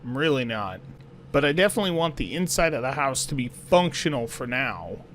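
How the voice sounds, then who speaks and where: A man's voice: mid-range voice, very animated, brisk, fairly bright tone, slight background noise. A man giving let's play commentary as he builds, thinking aloud and talking to himself as he goes. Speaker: gaming YouTuber.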